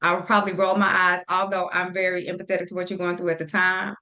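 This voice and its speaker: A woman guest on a faith talk show who speaks directly and acts out her pep talks with a friend in an animated way. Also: on the low side, fast. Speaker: podcast guest.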